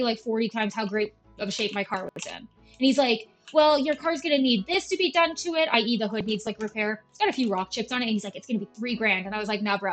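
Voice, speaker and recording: A woman's voice: on the high side, a bit bright. A young woman from Canada chatting casually while playing a game, telling a story and acting out every voice in it, full of slang. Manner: chatty storytelling, acts out both sides of the conversation, slangy. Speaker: gaming streamer.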